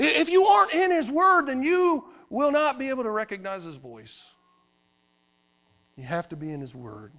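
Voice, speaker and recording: High, bright-voiced preaching man. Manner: dramatic, swings from loud to hushed. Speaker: pastor. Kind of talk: sermon.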